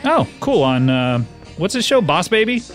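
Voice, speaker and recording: A man's voice: high voice, big pitch swings, soft background music. A man co-hosting a podcast in casual chat, joking, laughing easily and swearing freely. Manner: joking, profane, quick to laugh. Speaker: podcast co-host.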